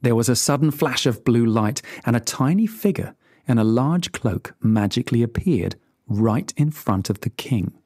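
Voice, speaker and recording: Animated storybook narrator. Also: medium pitch, moderate pace, dry recording, clean studio sound. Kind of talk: storybook narration for English learners.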